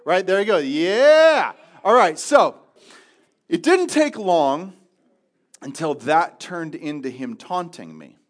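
A man's voice: high-pitched, big pitch swings, takes it slowly. A man pastor telling a funny story in a sermon, chatty and self-deprecating, with many restarts.

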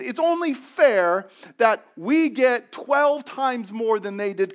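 Guy w a pretty high voice giving a sermon, chatty, keeps restarting and doing the characters' reactions. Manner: animated storytelling, acting out characters' reactions; conversational with frequent restarts and asides. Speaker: pastor.

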